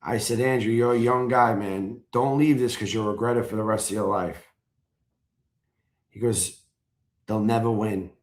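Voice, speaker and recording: A man in casual chat, excitedly telling a story and acting out his own shouted chants. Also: lowish voice, moderate pace, long pauses. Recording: roomy echo.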